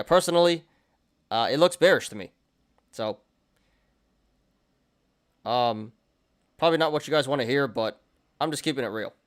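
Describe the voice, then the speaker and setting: A man's voice: mid-range voice, fairly bright tone. A young man hosting a market show, chatting casually through charts, often laughing and restarting his sentences. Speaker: stock and crypto show host.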